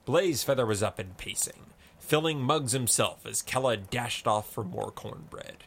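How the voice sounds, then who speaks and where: A man narrating a story in a slow, expressive reading. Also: mid-range voice, gravelly.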